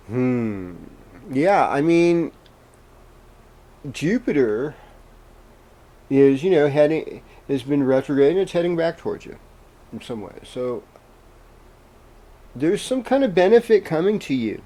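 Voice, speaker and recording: Mellow-voiced man giving horoscopes. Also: medium pitch. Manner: meandering and gentle, with many pauses and fillers. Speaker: astrologer host. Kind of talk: casual spoken horoscope reading.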